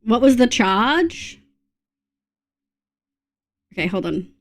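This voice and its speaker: A woman's voice: a little high, sing-song, slow. Chatty Australian woman streaming live. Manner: chatty, reads things aloud to chat, laughs often. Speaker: livestreamer. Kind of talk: casual live-stream chat.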